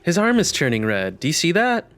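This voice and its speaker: A man's voice: a little high, huge pitch swings, a little fast, fairly bright tone. Young man, let's-play commentary, wry jokes, thinking aloud. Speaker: gaming channel host.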